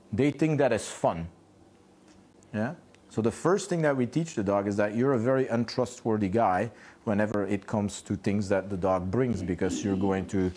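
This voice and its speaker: A man's voice: on the low side, darkish tone. A man, a dog trainer, explaining puppy play in a home garage, asking rhetorical questions and answering them himself. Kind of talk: instructional talk.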